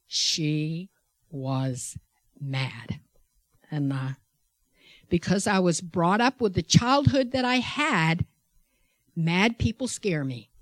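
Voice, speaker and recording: Animated woman telling a testimony, dry sound. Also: lowish voice, no room sound. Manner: animated, laughs often, acts out the people she quotes. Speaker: healthcare worker. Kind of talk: personal testimony storytelling.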